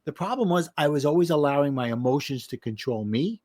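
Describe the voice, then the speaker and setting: A man's voice: a little high, fairly quick. A middle-aged man, a life and business coach, telling a personal story in a podcast interview and acting out the voices of the people in it. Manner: animated, acts out quoted voices.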